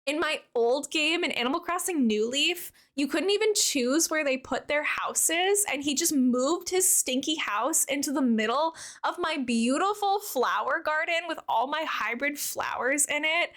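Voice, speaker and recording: A woman's voice: high-pitched, lively intonation, a little slow, few pauses, a bit bright. A young woman in her twenties chatting casually on a live stream, bubbly and chatty as she plays and answers her chat.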